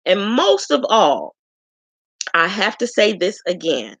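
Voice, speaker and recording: A woman from Chicago giving a frank, chatty self-introduction to her viewers, pausing often with ums. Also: medium pitch, very animated, a bit bright, no echo. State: tearful at times. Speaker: vlogger introducing herself. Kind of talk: casual self-introduction to camera.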